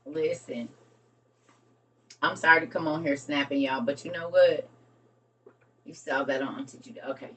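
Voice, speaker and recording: A woman, chatting casually with her live stream viewers and talking to them as y'all. She gets excitable, breaks into laughter and has a young son. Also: sits low, distant mic. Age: adult with a young son.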